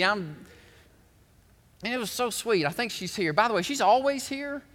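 A middle-aged man preaches a sermon with a bright, high voice, telling folksy stories with animated swings in tone. His voice rings out with a long reverb from a large church hall. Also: moderate pace, pauses often. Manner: animated, folksy storytelling with big swings up in pitch. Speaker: pastor.

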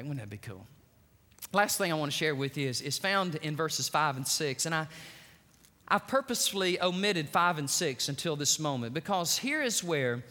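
High, bright-voiced preacher in a reverberant hall. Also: male voice. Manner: energetic storytelling with emphatic swings in loudness. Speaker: pastor. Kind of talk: sermon.

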